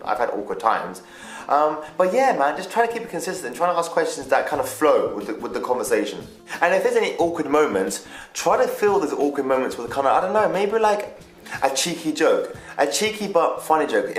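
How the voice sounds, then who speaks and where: A young man rambling through casual dating advice, chatty and loose, swearing and restarting his sentences. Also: mid-range voice. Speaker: vlogger. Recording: echoey room with faint music.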